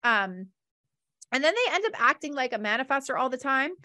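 A woman coach hosting a podcast, explaining in a chatty, expressive conversational way and often checking in with "right?". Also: sits high, a little fast, no echo, studio quality. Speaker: business coach and podcast host.

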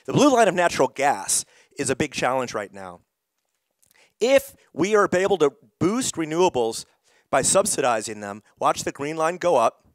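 A man's voice: mid-range voice, dry recording. A middle-aged man leading an interactive climate workshop, calling on audience members while losing his voice. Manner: engaging, calls on audience members.

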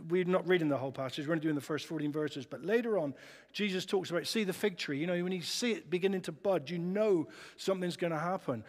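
A man preaching a sermon in a chatty, lively way, often putting rhetorical questions to the congregation. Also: fairly high pitch. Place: church hall. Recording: long church reverb.

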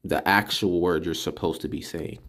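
A man giving a casual screen-recorded lesson, slowly sounding out syllables and repeating words to drill them. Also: sits low, steady tone, fairly bright tone. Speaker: religious teacher. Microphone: computer mic while screen recording.

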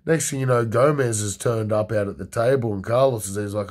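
A man's voice: lowish voice, fairly quick, darkish tone. A young man casually telling a crude story, rambling with many fillers.

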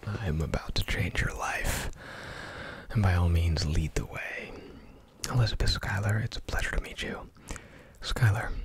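A man voicing a charming young suitor, courteous and soft, in a whispered role-play. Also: sits low.

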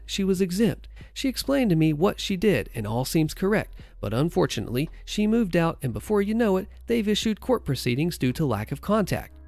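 A man reading as a patient father who explains things in a measured way. His voice is fairly high and lively, with a gravelly edge, recorded close and dry. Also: dry recording. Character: calm reasonable divorced father, patient. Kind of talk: narrated story reading.

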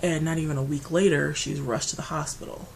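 A woman vlogger talking through her grief at home, rambling and restarting, going quiet and then loud. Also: sits low, steady tone, a little fast, vocal fry, a little hiss or hum, low-quality recording. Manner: grieving, rambling, restarts often, swings between quiet and loud. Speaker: beauty vlogger. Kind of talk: casual personal talk to camera. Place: her apartment.

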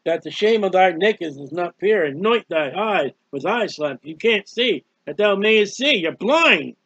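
High-pitched male preacher, scolding and preachy, dry and muffled recording. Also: lively intonation, normal speed, fairly bright tone, husky, no room sound. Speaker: street preacher. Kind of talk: fiery sermon.

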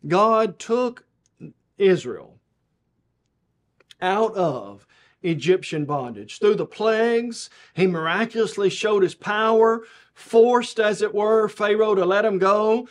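A man preaches a televised Bible lesson, building to emphatic peaks before dropping low and soft, and quotes scripture in a measured cadence.

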